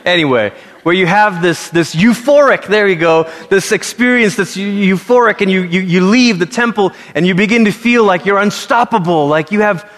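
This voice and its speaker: Animated preacher in a reverberant hall. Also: male voice, sits high, moderate pace. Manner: conversational, animated preaching with asides. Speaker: pastor. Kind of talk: sermon.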